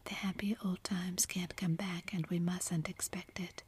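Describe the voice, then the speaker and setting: A woman's voice: on the low side, little pitch movement, a little slow, breathy edge. A woman whispering as a wistful young woman. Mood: gentle. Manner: gentle, wistful, reassuring. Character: gentle wistful young woman, steady and kind. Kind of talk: whispered role-play.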